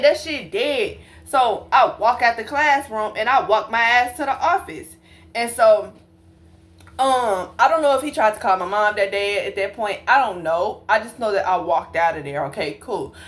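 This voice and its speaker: A young woman telling a casual storytime monologue, animated and profane, full of slang and asides to her viewers. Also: a little high.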